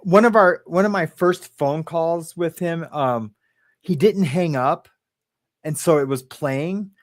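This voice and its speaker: A man co-hosting a casual chat, rambling through stories with halting restarts and frequent laughter. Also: a little high, dry recording. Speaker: co-host.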